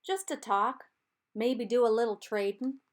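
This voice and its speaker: A woman voicing a young, ragged Confederate boy soldier who speaks with a soft Southern drawl and a folksy, coaxing manner as he calls out across a river. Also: on the high side, lively intonation, a little slow, voice pushed up. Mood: calling out, coaxing.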